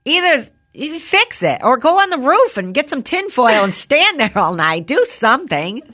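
A woman's voice: high-pitched, very animated, normal speed, sharp tone. A woman co-hosting a podcast in casual chat, agreeing often and laughing along. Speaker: podcast co-host.

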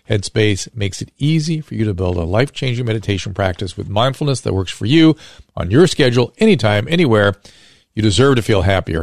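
A man hosting a podcast, reading sponsor ads briskly and then questioning a guest. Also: mid-range voice, no room sound, studio quality. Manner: brisk promotional delivery. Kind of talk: ad read and interview.

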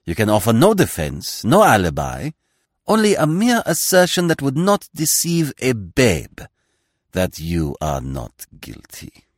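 A man's voice: extremely low pitch, takes it slowly, gravelly, hardly any pauses, warm tone, slightly rough, no echo, studio quality, voice pushed down, exaggerated voice. A man voicing a pompous male magistrate who speaks with biting, theatrical scorn in an audiobook reading. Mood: grandstanding.

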